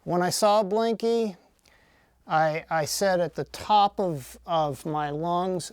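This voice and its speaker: A man's voice: high voice, slow pace, clean tone, no room sound. Self-deprecating man, dry sound. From Denver area, US. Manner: self-deprecating, jokey anecdotes. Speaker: podcast co-host. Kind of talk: casual chat.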